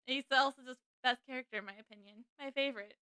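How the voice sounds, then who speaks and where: A woman's voice: high-pitched, fast, pushed and bright, a little hiss or hum. A young woman giving casual, chatty commentary while reading through a courtroom game. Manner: chatty, laughing asides. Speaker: let's play streamer.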